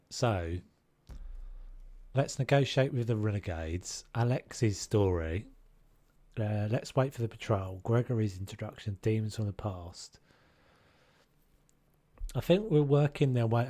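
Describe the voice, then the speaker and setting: A man's voice: fairly low pitch, measured pace, warm tone. A man with a Scottish accent, chatting casually and joking at himself while live-streaming a game. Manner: joking, self-mocking, swears mildly.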